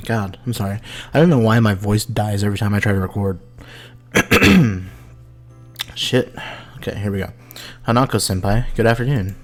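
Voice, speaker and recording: A man's voice: lowish voice, normal speed, long pauses. A man hosting a gaming channel, giving casual let's-play commentary in an incredulous manner, swearing often.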